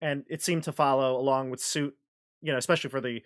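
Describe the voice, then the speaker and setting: A man's voice: medium pitch, fairly even intonation, fast. A man hosting a casual chat as game master, talking in loose sentences with many restarts and fillers. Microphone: video call.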